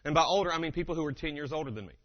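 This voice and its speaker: A man giving a humorous motivational keynote, telling stories with animated delivery and acting out quotes, on a dull lo-fi recording. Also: fairly high pitch, racing. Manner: animated, acts out quotes and impressions.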